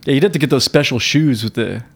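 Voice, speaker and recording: Male podcast co-host, relaxed and agreeable, quick with a joke. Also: mid-range voice, creaky, husky. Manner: chatty, agreeable, fills in details, jokey. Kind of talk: casual movie-recap chat.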